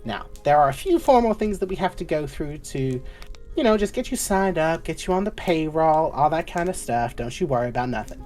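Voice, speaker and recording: A woman's voice: low voice, a little mellow. A woman voicing a chatty, fussing female guild receptionist who calls everyone doll and sweetie. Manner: fussy and doting, calls people doll, sweetie and babe.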